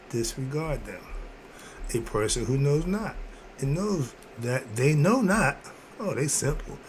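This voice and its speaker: Chuckling frequently, this self-help philosophy host delivers a casual motivational talk in a preachy, repetitive call-and-response style. His voice sits at medium pitch, and the home room he's in has a heater running, adding slight hiss or hum.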